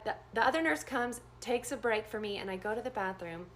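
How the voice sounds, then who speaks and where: A woman with a slightly high voice telling a personal story in a casual, chatty way. She is a nurse, and she acts out the dialogue with big leaps in pitch. A faint hiss sits under her voice. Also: fast, a bit bright.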